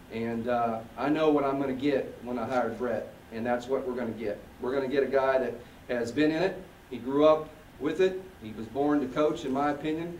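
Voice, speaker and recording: A man's voice: mid-range voice, a little mellow, a little hiss or hum. A man, an athletic director, giving a folksy press-conference speech full of thank-yous. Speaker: athletic director introducing a coach. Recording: roomy echo, voice from far off.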